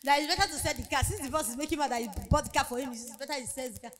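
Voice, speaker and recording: High bright-voiced woman preaching. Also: rapid-fire, soft background music. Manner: emphatic preaching, acts out quoted voices. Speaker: speaker at a women's conference. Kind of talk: motivational sermon.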